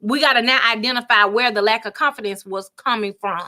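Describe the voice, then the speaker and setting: A woman giving a faith-based motivational talk, animated and preachy, with folksy asides and repeated words. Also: a little high, a little fast. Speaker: motivational speaker.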